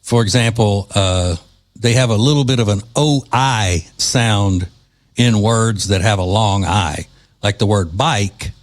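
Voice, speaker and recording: A man's voice: lowish voice, measured pace. Male talk radio host. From Louisiana. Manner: joking, wry, sarcastic asides. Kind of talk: casual talk radio monologue.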